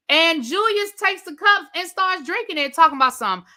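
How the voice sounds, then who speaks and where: A woman hosting a live review, retelling scenes in a lively way and mimicking the people she describes. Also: very high voice, normal speed, few pauses. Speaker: TV review channel host. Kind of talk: live rant and recap of a reality show.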